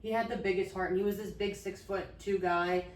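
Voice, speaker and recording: A woman's voice: mid-range voice, fairly even intonation, a little fast, reverberant, far from the mic, low-quality recording. A woman co-hosting a podcast, talking earnestly and openly about her late father and grief. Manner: earnest, open, loses her train of thought. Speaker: podcast co-host. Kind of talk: heartfelt conversation about grief.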